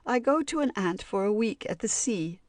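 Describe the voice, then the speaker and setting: A woman reading children's poems aloud in a slow, sing-song rhyming way. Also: medium pitch, expressive, no echo. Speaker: audiobook reader.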